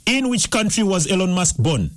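A man hosting a breakfast radio quiz, taking calls and teasing the callers in a lively, playful way. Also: sits high, normal speed. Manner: lively, teasing, switches into Luganda. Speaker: radio breakfast show host. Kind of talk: morning radio quiz call-in. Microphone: studio microphone.

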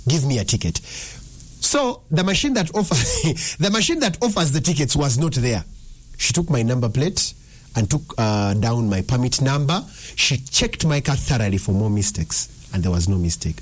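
Young man, drive-time radio host, husky voice, swings his pitch all over as he tells stories. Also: normal speed. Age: young adult. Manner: chatty storytelling, animated pitch swings. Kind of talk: casual radio talk. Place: radio studio.

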